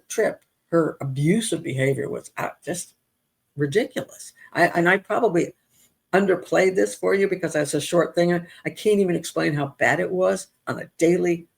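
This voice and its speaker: Gravelly-voiced woman telling a story. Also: on the low side. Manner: animated, exasperated retelling with self-interruptions. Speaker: advice show host. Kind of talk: casual storytelling monologue.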